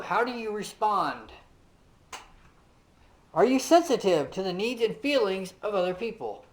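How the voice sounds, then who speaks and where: High-voiced man teaching a Bible lesson. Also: poor audio. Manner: conversational, peppered with "you know"; asks the listeners direct questions.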